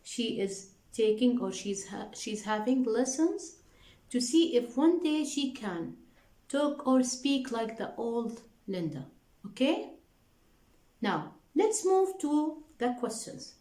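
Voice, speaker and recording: A woman's voice: a little high, very animated, takes it slowly, warm tone. A woman teacher explaining a reading text to her students, repeating points and checking with "okay?" as she goes. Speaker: English teacher. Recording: echoey room.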